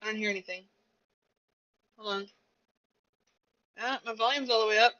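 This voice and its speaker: A woman's voice: mid-range voice, fairly even intonation, normal speed, pushed and bright. A young woman streamer chatting casually and rambling to herself while she plays a game. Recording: dull lo-fi recording.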